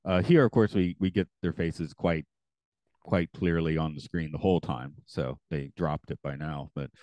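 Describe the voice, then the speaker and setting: A man co-hosting a podcast, chatting casually and halting with frequent restarts. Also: extremely low pitch, darkish tone, no echo. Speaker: podcast co-host. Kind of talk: casual chat.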